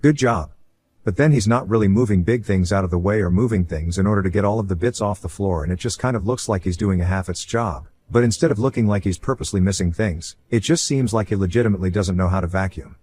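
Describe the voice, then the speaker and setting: Low-voiced man reading a story aloud. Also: fast, few pauses, dark tone, a little hiss or hum. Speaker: story narrator. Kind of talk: reading a first-person online story aloud.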